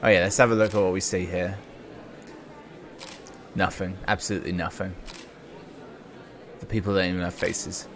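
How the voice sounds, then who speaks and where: A man's voice: deep voice, little pitch movement, moderate pace, pauses often, slight background noise. A man giving casual, dry and sarcastic commentary while playing a game. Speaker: let's play commentator.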